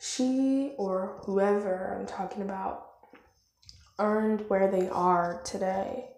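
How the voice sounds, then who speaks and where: A woman's voice: mid-range voice, steady tone, slow pace, darkish tone, no room sound. A young woman hosting a casual solo podcast, rambling and self-deprecating, recorded on a phone with wired headphones. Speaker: podcast host. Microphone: phone voice recorder app with wired headphones.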